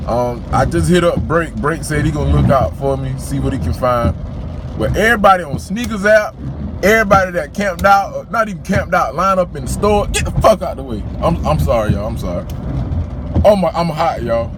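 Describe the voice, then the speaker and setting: A man's voice: a little high, noisy background. Fired-up Southern sneaker vlogger man. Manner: agitated, profane, slangy. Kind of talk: casual vlog rant. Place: in a car.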